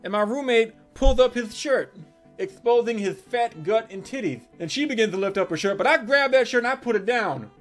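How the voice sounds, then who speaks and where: Male comic storyteller, 30s, high-pitched, foul-mouthed and brash. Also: a little fast, soft background music. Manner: profane, brash, animated storytelling. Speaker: comedic storyteller. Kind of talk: crude comedic storytelling monologue.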